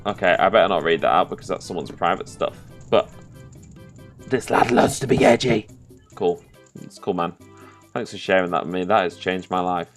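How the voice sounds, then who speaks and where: A man giving casual, sweary commentary over a video game, bursting into loud, excited outbursts. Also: low-pitched, a little fast, soft background music. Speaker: gaming commentator. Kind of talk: post-play game commentary.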